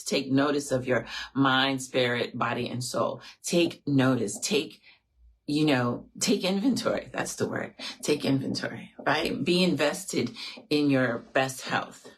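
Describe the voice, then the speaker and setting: A woman's voice: a bass voice, slightly rough. A woman in her forties hosting an affirmations talk, earnest and reflective and close to tears as she grieves, often checking in with "right?". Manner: earnest, reflective, speaks to viewers directly, often adds "right?". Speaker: host of an affirmations show. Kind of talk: heartfelt off-the-cuff talk.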